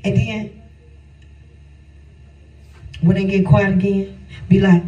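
A man's voice: high voice, level tone, slow, warm tone, recorded from a distance, highs cut off. A man preaching a sermon, repeating his lines for emphasis and calling out to the congregation. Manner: call-and-response preaching, repeats phrases for emphasis. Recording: echoey room, voice from off-mic.

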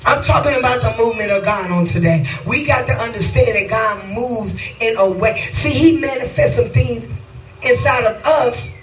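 A woman preaching a sermon with a rhythmic cadence, breaking into shouts and sung phrases. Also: fairly high pitch, normal speed, echoey room, distant mic, soft background music, poor audio.

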